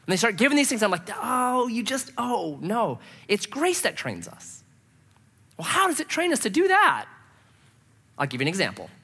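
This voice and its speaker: A man preaching a sermon, acting out scenes as he tells a story. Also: high voice. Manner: animated storytelling, acts out scenes in voices. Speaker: pastor.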